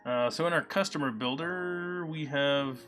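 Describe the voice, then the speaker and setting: With soft music in the background, a man with a higher-pitched voice hosts a live coding stream at a measured pace. He chats casually, thinking out loud with lots of fillers and replying to viewers in chat.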